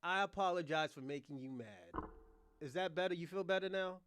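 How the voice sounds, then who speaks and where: A man's voice: fairly high pitch, animated, fairly quick, a bit bright, no echo, clean studio sound. A man from Boston hosting a casual live chat, teasing and laughing often. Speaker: livestream host.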